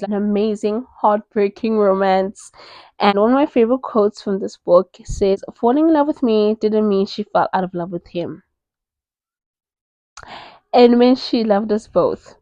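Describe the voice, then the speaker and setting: A woman's voice: medium pitch, no room sound, dull audio. Gushing young woman raving about books. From South Africa. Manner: gushing, animated, filler-heavy with many "like"s. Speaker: book reviewer. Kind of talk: casual book recommendation vlog.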